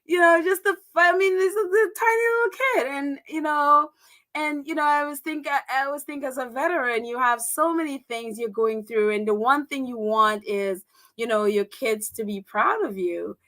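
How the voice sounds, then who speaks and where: A chatty middle-aged woman hosts a casual livestream from her own channel. Her voice is bright and a little high, and she talks loosely with plenty of fillers and quick laughs. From United States. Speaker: livestream host.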